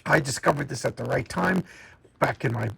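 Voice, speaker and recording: A man's voice: mid-range voice, moderate pace, vocal fry, background noise. A man casually reviewing a comic book, enthusiastic and often stammering and repeating words.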